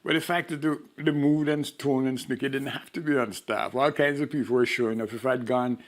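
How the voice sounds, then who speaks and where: A man's voice: medium pitch, steady tone, a little fast. An older man with a Jamaican accent, telling stories in a wry, blunt way during an oral history interview. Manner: wry storyteller, blunt and frank.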